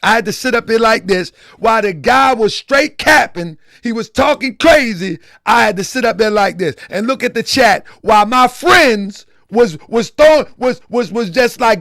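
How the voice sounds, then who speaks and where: High-voiced man hosting a casual live stream. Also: lively intonation, normal speed, few pauses, fairly bright tone, no room sound, studio quality. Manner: repetitive, talks straight to the chat. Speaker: live-stream show host.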